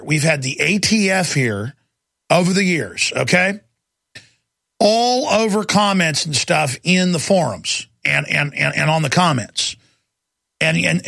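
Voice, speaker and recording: A man's voice: on the high side, creaky, pushed and bright, no room sound, clean studio sound. A man hosting a call-in radio talk show, speaking in an intense, rambling, emphatic way.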